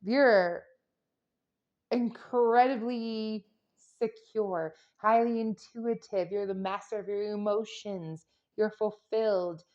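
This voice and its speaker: A woman's voice: medium pitch, steady tone, slow pace, darkish tone, dull audio. Playful chatty woman reading tarot. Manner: chatty, playful, rambling, with silly sound effects. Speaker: tarot reader. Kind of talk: casual tarot reading to camera.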